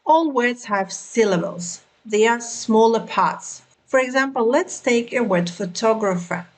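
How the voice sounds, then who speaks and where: Slow, careful woman teaching pronunciation. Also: a little high, rough recording. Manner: repeats words slowly and carefully for learners. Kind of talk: slow, deliberate pronunciation lesson.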